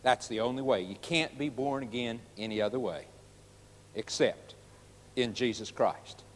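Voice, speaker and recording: A man's voice: medium pitch, measured pace, in a large hall, slight background noise. A male preacher delivering a sermon in an emphatic, folksy manner, addressing the listeners directly.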